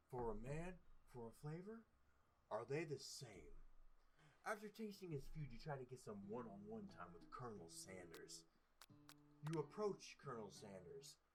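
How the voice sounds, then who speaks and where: Playful man reading a dating game. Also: on the low side. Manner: playful, exaggerated reading with sudden loud bursts. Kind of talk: let's play commentary.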